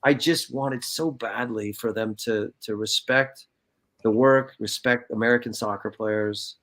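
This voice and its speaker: A man in his fifties from California, telling stories in a casual interview, animated and profane, acting out what people said. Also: medium pitch, a little slow. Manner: animated, profane, acts out quotes. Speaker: guest, former soccer player.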